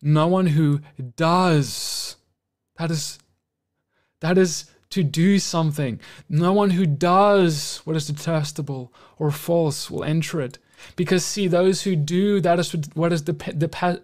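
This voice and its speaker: A man with a South African accent preaching a sermon as pastor, earnest and building to loud, emphatic exhortation. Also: sits high, steady tone, slow.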